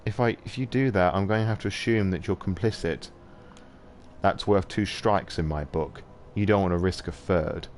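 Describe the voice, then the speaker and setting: A man putting on a menacing sheriff from a game, speaking coldly and with a threat. His voice sits low and heavy. A faint hiss can be heard underneath. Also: normal speed, natural voice. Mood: threatening. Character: stern, menacing male sheriff.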